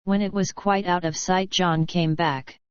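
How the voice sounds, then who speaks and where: A woman narrates a classic novel in a calm, even way, with a smooth, clear voice set fairly low. The recording is dry and close, with a slightly dull, muffled tone. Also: unhurried, no room sound. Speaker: audiobook narrator.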